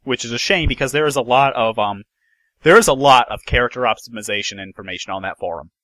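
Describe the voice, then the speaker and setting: A man's voice: medium pitch, quick pace, sharp tone, no room sound, poor audio. A man hosting a podcast, chatting casually about game news and often restarting his sentences. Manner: rambling, many restarts and fillers. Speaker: podcast host. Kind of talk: casual gaming news chat.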